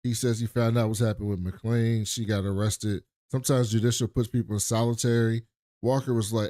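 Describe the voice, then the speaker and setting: A man's voice: lowish voice, brisk, no echo, clean studio sound. A man co-hosting a casual podcast, recapping a TV episode and acting out the characters' lines with lots of swearing. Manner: animated retelling, acts out characters' lines with profanity. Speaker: podcast co-host.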